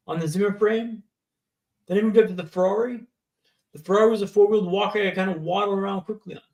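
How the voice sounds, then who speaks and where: A man in his thirties, a podcast guest telling his story in a vivid, dramatic way and often checking in with "right?". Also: sits high. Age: 30s. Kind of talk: storytelling interview. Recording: echoey room.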